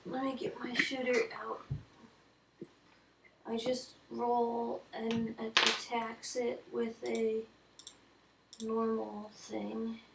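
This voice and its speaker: Woman, tabletop player, slow unsure questions, echoey room, distant mic. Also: fairly high pitch, monotone, creaky, fairly bright tone. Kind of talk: casual tabletop game chat. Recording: echoey room, far from the mic, faint noise.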